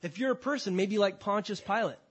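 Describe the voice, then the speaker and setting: A man preaching a sermon to a congregation, emphatic, swinging between loud declarations and quiet, drawn-out phrases. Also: sits high. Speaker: pastor. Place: church before a congregation.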